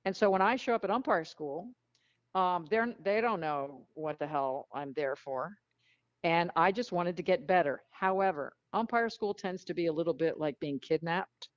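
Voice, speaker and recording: A woman tells frank, animated stories as an interview guest, blunt and lively in her delivery. The recording is muffled and lo-fi. It is also very dry, with no room sound. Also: fairly low pitch, normal speed, dry recording. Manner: animated, frank storyteller who acts out quotes. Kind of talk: storytelling in a casual interview.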